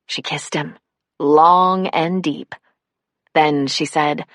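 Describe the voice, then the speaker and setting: Low-voiced woman narrating a novel. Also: fairly even intonation, drawn-out words, pauses often, dry recording, studio quality. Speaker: audiobook narrator. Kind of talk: scripted narration.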